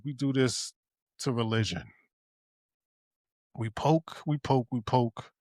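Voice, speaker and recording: A man's voice: medium pitch, slow, darkish tone, no echo, studio quality. A man co-hosting a podcast, chatting loosely and agreeably with casual profanity. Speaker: podcast co-host.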